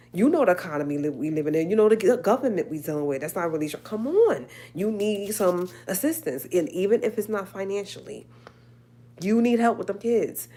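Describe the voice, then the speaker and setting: A woman's voice: on the low side, a little mellow. A woman hosting a live stream, talking emphatically to viewers and repeating her points. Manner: emphatic, preachy, repeats herself. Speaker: livestream host.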